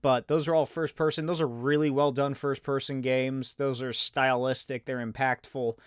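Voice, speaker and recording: A man's voice: medium pitch, flat delivery, moderate pace, clear, resonant tone, dry recording, studio quality. A man in his thirties chatting casually and rambling as host of a solo show, swearing and laughing often. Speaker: podcast host.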